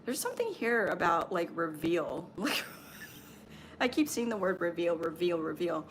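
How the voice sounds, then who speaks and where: Lower-voiced woman channeling spiritual messages. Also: sing-song, normal speed, fairly bright tone, a little hiss or hum. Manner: meandering, filler-heavy, reassuring. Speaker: spiritual medium and Reiki healer.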